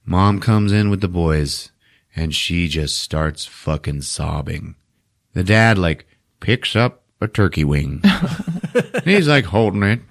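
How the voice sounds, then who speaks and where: A man's voice: low-pitched, big pitch swings, slow pace, gravelly. A man hosting a podcast, recapping a movie in casual, profane talk, laughing often and acting out scenes. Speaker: podcast host.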